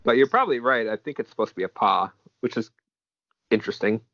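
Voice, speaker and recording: A man's voice: lowish voice, fast, a bit bright, dry recording. A man co-hosting a podcast, chatting casually and reading comic panels aloud in a laid-back way. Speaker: podcast co-host. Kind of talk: casual chat recapping a manga chapter. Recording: dull, dry lo-fi mic.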